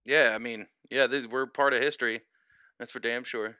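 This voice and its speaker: An easygoing young man chats as a guest over a video call, laughing often. His voice is bright and crisp. The sound is dry and close. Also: mid-range voice, fairly even intonation, normal speed, dry recording. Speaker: podcast guest. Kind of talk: casual video chat.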